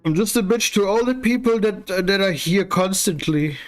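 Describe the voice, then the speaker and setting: Slow-talking sarcastic male streamer. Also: high voice. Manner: sarcastic, teasing, swears and laughs often; chewing ice while talking. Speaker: livestreaming artist. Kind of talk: casual stream chat while painting.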